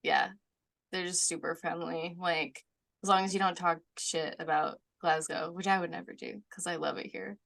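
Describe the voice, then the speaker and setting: A woman's voice: fairly low pitch, steady tone, normal speed, creaky, a bit bright. A woman from the United States, a guest chatting casually, with many "like" fillers and frequent laughs. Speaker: author guest. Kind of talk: casual conversation.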